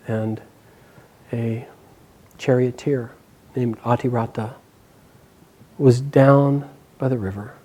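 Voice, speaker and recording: A man telling an epic story aloud, narrating expressively with frequent pauses and small restarts. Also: mid-range voice, warm tone, poor audio.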